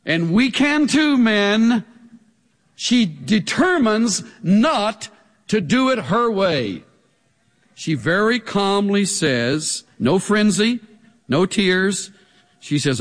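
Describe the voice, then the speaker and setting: A man preaching a sermon, animated, with pointed rhetorical questions. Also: high-pitched, takes it slowly. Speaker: pastor. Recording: long hall reverb.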